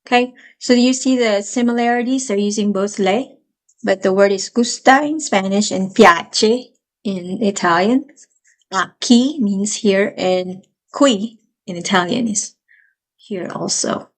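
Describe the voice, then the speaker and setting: A woman teaching a live language lesson, explaining patiently and repeating each phrase slowly. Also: mid-range voice.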